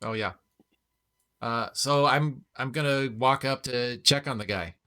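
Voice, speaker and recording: A young man talks through his turn in a tabletop game, swearing freely as he plays. His voice is bright and sharp-edged. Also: mid-range voice, a little slow. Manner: casual, profane banter. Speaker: player. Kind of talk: casual tabletop play.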